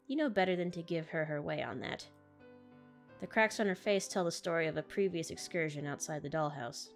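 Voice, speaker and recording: A woman's voice: deep voice, a little fast, faint music behind. Chatty giggly woman playing a game. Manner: chatty and giggly, reads game text aloud. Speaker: gaming YouTuber. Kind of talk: game playthrough with read-aloud narration.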